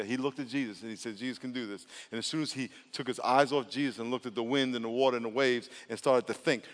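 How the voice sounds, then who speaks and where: A male pastor preaching an animated sermon in a church, calling on the congregation to answer back. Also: medium pitch. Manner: animated, calls for congregation responses. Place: church sanctuary. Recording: long hall reverb.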